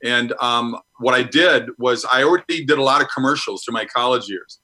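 Bright-voiced man from Minnesota. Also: mid-range voice, fairly quick, low-quality recording. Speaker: guest actor. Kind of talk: casual interview chat.

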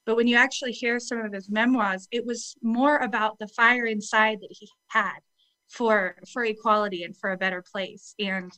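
A woman's voice: on the high side, steady tone, moderate pace, sharp tone, no room sound, poor audio. A woman chatting as a guest over a video call, bubbly and laughing often. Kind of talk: casual chat.

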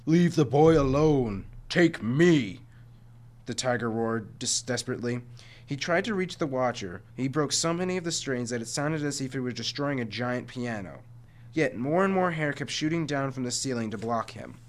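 A man's voice: mid-range voice, lively intonation, a little fast. A man reading a chapter book aloud to listeners, often stumbling and correcting himself. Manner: frequent stumbles and self-corrections.

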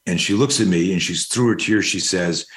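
A man's voice: low-pitched, normal speed. A middle-aged man, a guest talking about fear management, telling a long personal story in a rambling, casual way with the odd curse. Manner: rambling, anecdotal, casual swearing. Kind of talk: storytelling interview.

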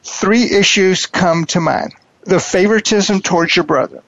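A man hosting a coaching interview, talking in a preachy, emphatic way and repeating his key phrases slowly. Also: sits high, a bit bright, no echo, highs cut off. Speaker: podcast host and wealth coach.

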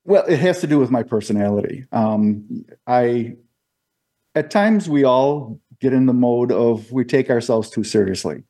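A man answering as a guest on a talk show, reflective and easygoing, with halting restarts. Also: mid-range voice, animated, warm tone. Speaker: guest, comic artist. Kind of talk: casual interview answers.

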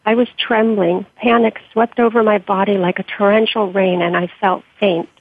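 A woman with a husky voice reading her own memoir in a measured, quiet way, then answering interview questions, heard over a dry, tinny phone-like line. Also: medium pitch, fairly even intonation, dry recording. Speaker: author and interview guest.

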